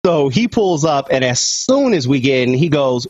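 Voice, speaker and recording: A male podcast co-host with a husky voice, reading a story aloud in a profane way and laughing through it. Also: medium pitch, animated, a little slow, few pauses, dry recording. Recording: dull lo-fi podcast audio.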